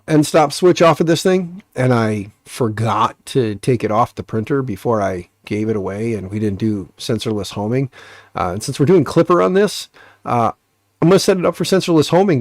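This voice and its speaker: A man with a mid-range, slightly mellow voice hosts a live stream, rambling and joking with plenty of fillers. He has an American accent and a stuffy, nasal quality, heard in clean, dry studio sound.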